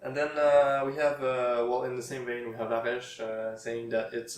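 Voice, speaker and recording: A man's voice: mid-range voice, level tone, normal speed, hardly any pauses. A man casually commenting on tweets in a hesitant way, with lots of fillers and dry sarcastic asides. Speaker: YouTuber reading tweets. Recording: roomy echo, distant mic.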